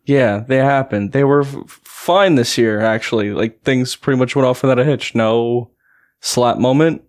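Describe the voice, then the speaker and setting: A man's voice: mid-range voice, moderate pace, a little mellow. A man co-hosting a podcast in casual chat, rambling with lots of fillers. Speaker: podcast co-host.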